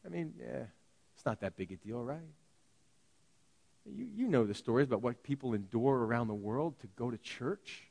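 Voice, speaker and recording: Animated male preacher in a reverberant hall. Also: high-pitched, fairly quick, creaky. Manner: animated storytelling, acts out quoted voices. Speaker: pastor. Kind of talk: sermon.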